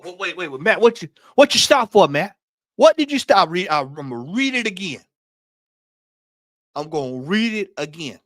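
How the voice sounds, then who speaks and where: A man hosts a casual late-night livestream, his voice sitting a little high for a man. He talks in an animated way, reading aloud and calling out to his chat. The sound is dry and close, with no room around it. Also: dry recording. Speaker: fan channel host.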